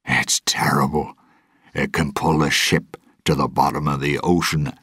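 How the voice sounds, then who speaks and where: A grave old sailor with fear in his words, as a male narrator plays him. The voice is very deep and husky, slow and dry. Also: no room sound, heavily acted. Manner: grave, sometimes hushed. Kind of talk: audiobook storytelling.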